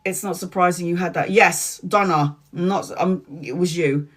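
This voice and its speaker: Speaking at normal speed in a lowish voice, this tarot reader in her forties runs a relaxed live stream. She's candid and chatty, curses without restraint, and greets viewers by name.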